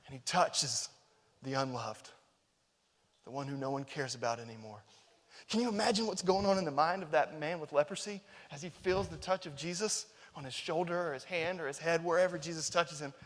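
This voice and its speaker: A man preaching a sermon, swinging between loud, emphatic stretches and hushed, tender ones. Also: fairly high pitch. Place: church sanctuary. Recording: reverberant church hall.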